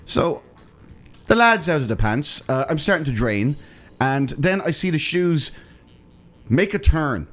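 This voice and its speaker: A man co-hosts a casual comedic podcast and tells his stories with big exaggeration. His pitch swings widely and sits a bit high for a man. Faint music plays underneath. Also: a little slow, long pauses. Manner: animated, exaggerated storytelling with put-on voices. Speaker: podcast co-host.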